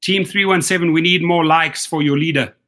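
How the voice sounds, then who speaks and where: A man speaks a little fast in a fairly high, steady voice with a sharp tone. On his livestream for rideshare drivers, he casually reads and answers viewer comments one by one. He sounds tired, talks loosely, and repeats himself.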